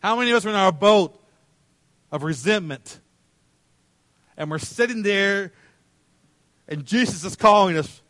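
Male pastor, dramatic sermon delivery, acts out voices, slightly higher pitch. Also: expressive, a little slow, pauses often, no room sound. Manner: swings from loud calls to hushed tenderness.

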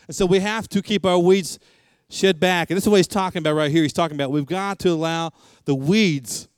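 A man's voice: sits high, fairly quick, clean tone, dry recording, studio quality. A middle-aged man, a pastor, preaching a sermon and repeating lines for emphasis.

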